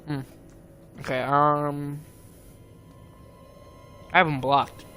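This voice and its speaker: A man's voice: on the high side, level tone, very slow, sharp tone, faint music behind. Rambling young man streaming, agitated. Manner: rambling and agitated, many fillers and restarts. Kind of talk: casual stream chat, retelling a conversation.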